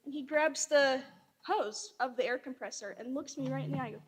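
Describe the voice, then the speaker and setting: A woman with a high voice shares a comic story at a memorial service. She acts out the quoted lines and laughs along as she goes. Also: a little fast, slight background noise. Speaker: memorial speaker.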